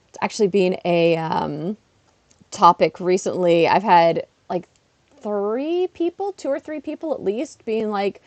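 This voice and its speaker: A woman in the middle of a casual livestream, talking through her game at an ordinary pitch. Her voice is dry and close, with no room sound around it. She rambles in a chatty, self-deprecating way and keeps breaking into excited little outbursts. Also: measured pace, pauses often, no echo. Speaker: streamer. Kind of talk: casual livestream chat while gaming. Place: her apartment.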